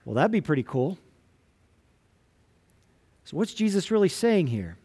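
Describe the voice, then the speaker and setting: A man's voice: high voice, very animated, a little slow, warm tone, breathy edge. A man pastor giving a sermon, retelling scripture in casual, everyday storytelling words.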